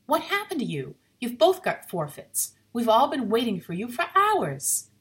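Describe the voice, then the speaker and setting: Woman voicing an eager, impatient young man, high and pitchy, excited calling manner, storybook ghost tale. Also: moderate pace.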